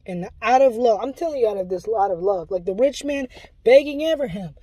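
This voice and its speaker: A woman's voice: a little high, lively intonation, fairly quick, mellow, breathy edge, dry recording, poor audio. A woman giving an impassioned religious warning, pleading and urgent, often restarting her sentences.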